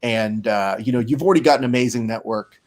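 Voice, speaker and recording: A man's voice: mid-range voice, fast. A man hosting a casual podcast interview, joking and rambling through a story. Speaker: podcast host.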